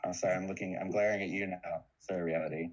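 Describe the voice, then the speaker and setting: A man in loose, joking banter, mock-formal and quick to swear. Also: low voice, fairly even intonation, dull audio.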